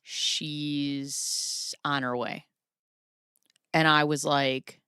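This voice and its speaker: A woman hosting a podcast, telling a personal story in a casual, animated way, swearing freely and acting out what people said. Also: sits low, extremely slow, long pauses, clean tone, no echo, clean studio sound. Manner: animated, swears freely, acts out quoted lines. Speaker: podcast host.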